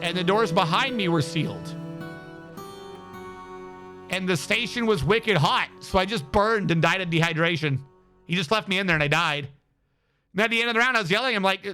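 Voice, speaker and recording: A man telling a story on a casual live stream, animated and swearing freely, acting out what others said. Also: sits high, brisk, faint music behind.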